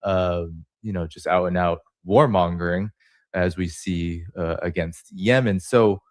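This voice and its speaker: A man's voice: sits low, steady tone, measured pace, no room sound, studio quality. A man hosting an interview, asking long, rambling questions full of fillers. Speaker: show host.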